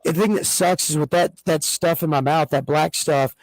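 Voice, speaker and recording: A man co-hosting a casual podcast chat, telling stories in an excitable, rambling way with many restarts. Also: fairly high pitch, moderate pace, dry recording, rough recording. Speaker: co-host.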